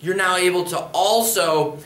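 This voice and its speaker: A man's voice: high voice, moderate pace, fairly bright tone. A man from Pennsylvania teaching a spoken language lesson, explaining patiently and repeating example phrases. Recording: roomy echo.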